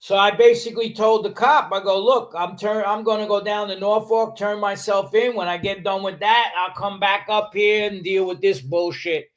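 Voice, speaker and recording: A man's voice: high voice, normal speed, few pauses. Profane New man in his sixties. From New York, USA. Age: 60s. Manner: animated, profane, acts out other people's lines. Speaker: podcast guest. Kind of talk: storytelling in a casual interview.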